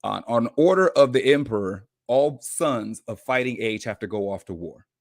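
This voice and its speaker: A man's voice: mid-range voice, animated, normal speed, vocal fry, no echo, clean studio sound. A man voicing a stern imperial recruiting officer in a retold story. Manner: firm, official.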